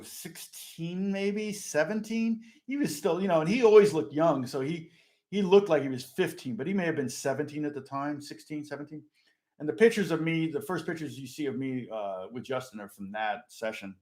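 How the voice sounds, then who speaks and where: A middle-aged session guitarist with a fairly high-pitched voice chats casually, rambling through stories with many fillers and restarts.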